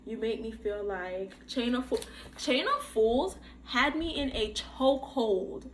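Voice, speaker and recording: Host-type woman, casual unboxing chatter, excitable, slow delivery, noisy home recording. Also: a little high. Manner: excitable, gushing, exclaims often. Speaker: podcast host doing an unboxing. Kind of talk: casual unboxing chat to camera. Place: bedroom workstation at home.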